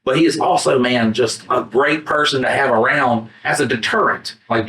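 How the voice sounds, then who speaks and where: A man's voice: medium pitch, moderate pace. A man co-hosting a podcast, telling a story in casual chat with lots of swearing and acting out his own quotes. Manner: animated, profane, acts out his own quotes. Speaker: podcast co-host. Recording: roomy sound from a distant mic, not the podcast mics.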